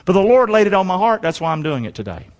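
Here the pastor's voice is high-pitched and fast, with a sing-song lilt. Reading scripture and trading call-and-response lines with his congregation, he fills the church sanctuary, and the recording carries a long hall reverb.

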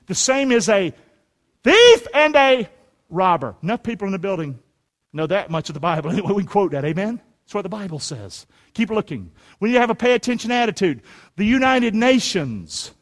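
Shouting frequently and throwing rhetorical questions at his congregation, this animated pastor, a man in his forties, preaches a sermon in a church sanctuary with a voice that sits high.

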